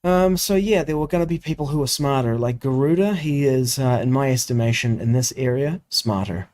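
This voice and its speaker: A man's voice: medium pitch, a little fast, darkish tone. A man in a casual study discussion, explaining editing details and thinking aloud with frequent restarts. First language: English. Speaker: co-host discussing scripture editions.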